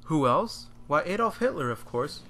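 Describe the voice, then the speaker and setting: A man's voice: on the high side, big pitch swings, normal speed, sharp tone. A young man hosting a gaming channel, talking casually and jokily over gameplay in a rambling, self-deprecating way.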